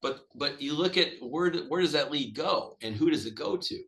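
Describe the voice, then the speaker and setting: A man's voice: a little high, normal speed, vocal fry, echoey room. A man who manages golf courses, talking casually in a webinar, rambling and acting out conversations. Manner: rambling and animated, acts out dialogue, says "man" often. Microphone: webinar call mic.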